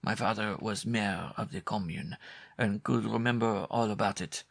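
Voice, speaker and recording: A man voicing a wary, superstitious middle-aged countryman who speaks gravely and haltingly. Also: on the low side.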